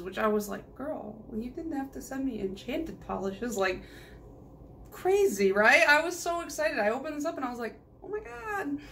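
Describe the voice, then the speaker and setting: A woman's voice: on the high side, a bit bright, a little hiss or hum. A woman nail polish vlogger chatting casually through a haul video, rambling and giggling as she goes.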